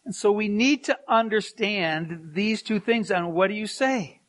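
A man's voice: high voice, unhurried. A middle-aged man, a pastor, preaching a sermon and telling stories with chuckles and asides.

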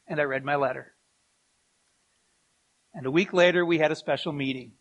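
A man's voice: a little high, moderate pace, dull audio. A middle-aged man, a pastor, preaching a sermon and telling stories with chuckles and asides.

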